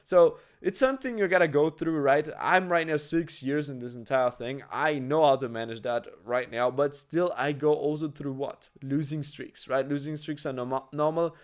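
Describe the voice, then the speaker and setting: A man's voice: a little high, normal speed, few pauses. Casual trader guy, lots of "right?". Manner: conversational, frequent "right?" tags and fillers. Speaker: trading educator. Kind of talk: casual explanatory talk to camera.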